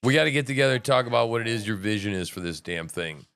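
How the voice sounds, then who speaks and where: A man hosts a livestream and reacts to what he is watching in real time, cursing freely. He swings between loud, excited outbursts and low muttering. His voice is smooth and clear, recorded dry and close with no room sound. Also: fast, no room sound. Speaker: livestream host. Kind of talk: live reaction commentary.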